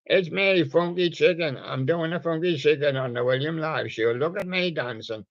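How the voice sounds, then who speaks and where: A man's voice: a little high, normal speed, no room sound, highs cut off, lightly acted. A man voicing a cheerful dancing male chicken toy, in a bouncy singsong manner with scat-singing. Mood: gleeful.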